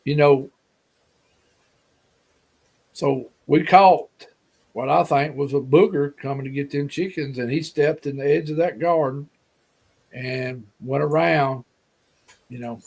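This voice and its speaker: A man's voice: a little high, steady tone, takes it slowly, gravelly, long pauses, darkish tone. A man with an Alabama Southern accent, a guest telling a story in a casual, folksy, rambling way and repeating himself.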